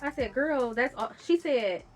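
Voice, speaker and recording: A woman's voice: high-pitched, animated, a little slow, faint music behind. A young woman, telling a personal story in a casual storytime vlog, blunt and profane, reading out text messages with bursts of laughter.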